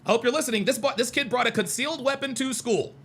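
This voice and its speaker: A man's voice: extremely high pitch, fast talker, a bit bright, breathy edge. A man hosting a heated livestream, reading out chat comments and arguing with them in a combative, mocking way, repeating his points.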